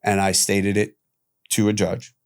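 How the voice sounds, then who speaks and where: A man guest on a podcast telling his own story candidly, animated, acting out quoted voices and swearing casually. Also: fairly low pitch, a little slow.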